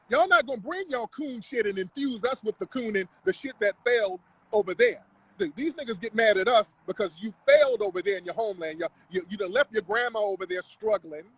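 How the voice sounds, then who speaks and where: A man's voice: sits high, husky, rough recording. A man hosting a livestream, talking in a confrontational, mocking, profane rant. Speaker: livestream host. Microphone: live stream mic.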